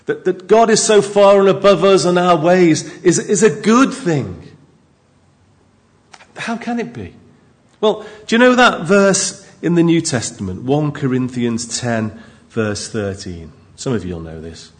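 A man preaching a sermon into a microphone in a church, emphatic and lively, with asides to the congregation. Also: a little high, measured pace.

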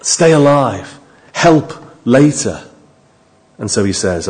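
Preaching slowly with big swings in pitch, a man alternates hushed, low asides with loud, forceful appeals to those listening.

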